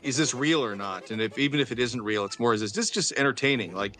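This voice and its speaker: A man's voice: mid-range voice, expressive, fast, fairly bright tone, faint music behind. A man chatting casually and rambling through his points during a game playthrough.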